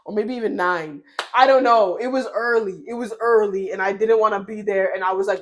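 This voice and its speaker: A young woman vlogger telling a casual, animated story in her kitchen while baking. She talks in a slangy, candid way and laughs often. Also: mid-range voice, moderate pace.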